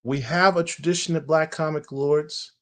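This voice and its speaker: Host, male, slightly high voice, playful and casual, pushes likes and subscribes. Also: steady tone, moderate pace. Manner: playful, hypes up the channel. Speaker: show host. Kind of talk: casual interview chat.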